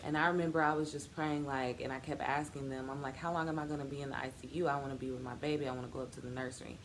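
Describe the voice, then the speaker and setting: A woman's voice: rumbling low, steady tone, very fast, slight background noise. A woman in her thirties sharing a personal testimony in a vlog, earnest and faith-filled, acting out the people in her story as she tells it. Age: 30s. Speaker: vlogger.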